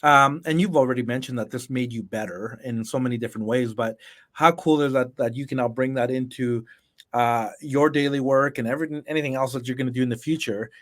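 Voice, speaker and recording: A man's voice: mid-range voice, a little fast, a bit bright. A man hosts a podcast interview in a mid-range voice. He cheers his guest on with eager affirmations. He asks long, winding questions. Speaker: podcast host. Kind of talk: interview hosting.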